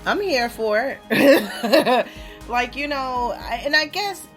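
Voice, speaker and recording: Woman podcast host in her thirties, lively swooping pitch, loose and profane, faint music bed. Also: takes it slowly. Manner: profane, animated storytelling with mocking quoted voices. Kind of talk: casual explicit monologue.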